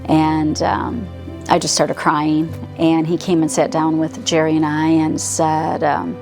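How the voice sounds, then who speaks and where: A middle-aged woman from Michigan, a patient's mother, slowly and hesitantly retelling a painful family story in a documentary interview. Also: low-pitched, little pitch movement, creaky, over music. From Michigan, USA. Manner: slow, hesitant, somber retelling.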